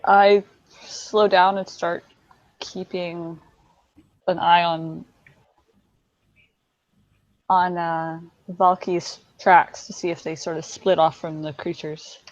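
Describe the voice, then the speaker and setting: Woman player, lowish voice, matter-of-fact, dry muffled mic. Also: flat delivery, takes it slowly, pauses often, dry recording. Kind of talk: casual tabletop play.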